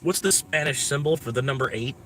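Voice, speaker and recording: American guy vlogging from his car, loose and foul-mouthed, mid-pitched voice, faint road noise behind. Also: a little fast. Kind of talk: casual rambling chat. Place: inside a moving vehicle.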